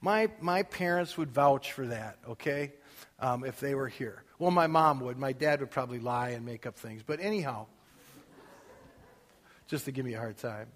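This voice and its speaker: Casual preacher in a reverberant hall. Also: male voice, mid-range voice, normal speed, fairly bright tone. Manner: conversational, rising to emphatic scripture reading. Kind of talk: casual sermon.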